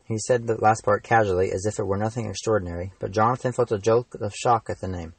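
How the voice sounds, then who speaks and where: A teenage man, the author, reading his own fantasy novel aloud in steady, even narration. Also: lowish voice, quick pace, hardly any pauses, slightly rough, no room sound, rough recording. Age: teens.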